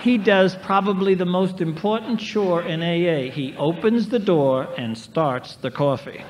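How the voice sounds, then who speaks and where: A man's voice: high-pitched, measured pace. A man in his sixties telling stories with wry, self-mocking humor as a speaker at a recovery meeting, recorded in a large convention hall. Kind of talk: storytelling speaker talk. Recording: reverberant 1990s hall tape with faint hiss.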